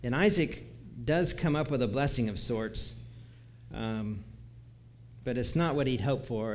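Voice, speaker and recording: Reading scripture aloud and laughing softly at his own side remarks, a preacher delivers a relaxed, conversational sermon. He speaks a little slowly in an ordinary middle pitch, with faint hiss underneath.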